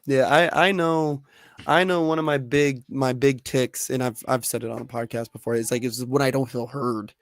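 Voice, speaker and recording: A young podcast co-host with a mid-range voice tells stories in casual chat at a moderate pace. He's an animated storyteller who swears freely, recorded dry with clean studio sound.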